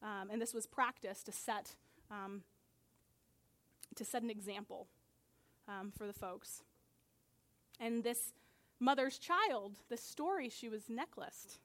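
A woman with a high, bright voice preaches from the pulpit. She tells a story earnestly and builds to emphatic, fervent peaks. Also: slow pace, long pauses. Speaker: pastor. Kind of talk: sermon.

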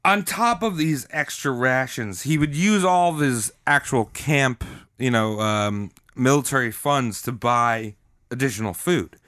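Man, podcast host, crude rambling storyteller, bright lively voice. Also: mid-range voice, a little slow. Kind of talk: casual comedic storytelling.

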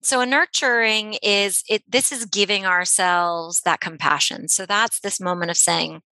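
A woman therapist explaining a technique in a gentle, encouraging, conversational way, often repeating herself. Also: medium pitch, a little slow, dry recording, poor audio. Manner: gentle, encouraging, repeats words, many "you know"s. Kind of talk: conversational instructional talk.

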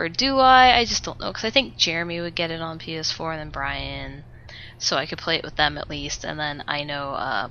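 A woman's voice: lowish voice, bright, forceful tone, smooth. A woman co-hosting a podcast, ranting animatedly in casual chat and swearing freely. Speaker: podcast co-host. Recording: dull lo-fi podcast audio.

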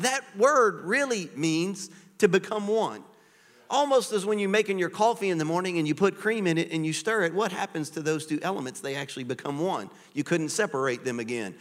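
A man preaching a sermon as pastor, animated and conversational, with frequent rhetorical questions to the congregation. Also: high-pitched. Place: church sanctuary. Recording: church hall with long reverb.

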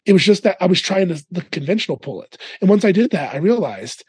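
Casting: husky, slightly high male guest, lively storyteller, dry close sound. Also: fast talker, dry recording. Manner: animated storyteller, laughs often. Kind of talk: casual podcast chat. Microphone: remote call mic.

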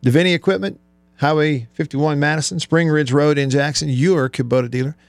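Chatty sports radio host, dry studio sound. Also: male voice, fairly high pitch, fairly even intonation, brisk, no room sound. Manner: chatty, laughing often, easygoing. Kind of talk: casual radio talk. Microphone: studio microphone.

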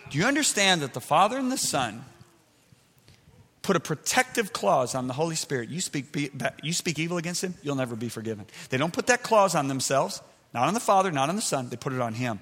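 A middle-aged man preaching a sermon to a live crowd, swinging between loud shouted points and soft, confiding asides. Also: on the high side, big pitch swings, brisk. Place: large hall with an audience. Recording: long hall reverb.

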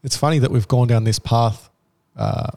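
A man chatting easily about software, agreeable, with casual nonstandard grammar. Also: medium pitch, fairly even intonation, normal speed. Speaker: software developer. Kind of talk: casual chat.

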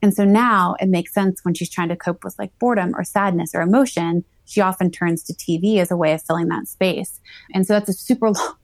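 A woman's voice: fairly low pitch, fairly quick, no room sound. A woman in her thirties, a psychology doctoral student, talking casually as an interview guest with many fillers and restarts. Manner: chatty, frequent "like" fillers and restarts.

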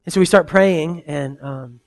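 A man in his thirties preaching a sermon, earnest and conversational, swinging between loud emphasis and soft, quiet asides. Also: on the high side, measured pace. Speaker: pastor.

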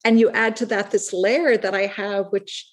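A middle-aged Irish woman, an author guest, gives reflective interview answers in a mid-range, steady voice. Her soft Irish accent drifts toward American, and she speaks thoughtfully and haltingly, with many restarts and fillers.

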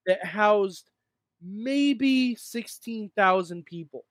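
A man with a notably high voice tells a rambling story on a casual talk show. He is animated and breaks into mocking sung bits. The sound is dry and close. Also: extremely slow, no room sound. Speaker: podcast co-host. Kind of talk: casual chat.

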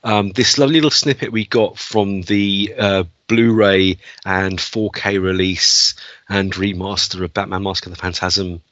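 Brief: male podcast co-host, bright and forceful voice, rambling eager film talk, dry lo-fi recording. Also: low voice, fairly even intonation, measured pace, dry recording. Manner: enthusiastic, rambling with fillers. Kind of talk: casual film chat. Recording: dull, dry lo-fi sound.

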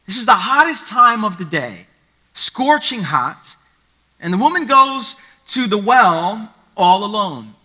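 A pastor delivers a Sunday sermon in a high, keen, bright-edged voice. This man reads scripture aloud and then unpacks it with plain everyday comparisons. He speaks to a church congregation. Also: very animated, slow pace. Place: church service.

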